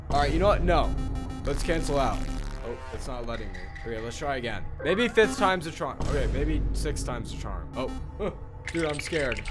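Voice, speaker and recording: A young man giving excitable horror game commentary, jumpy and screaming at scares. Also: fairly high pitch. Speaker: gaming video creator. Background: game music.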